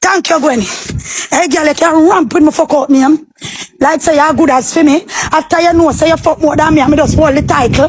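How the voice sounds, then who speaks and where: A Jamaican woman with a very high, piercing voice delivers a heated, confrontational livestream rant. She is loud and profane, and she calls out and threatens her rivals. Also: steady tone, fairly quick, a little hiss or hum. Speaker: livestream host.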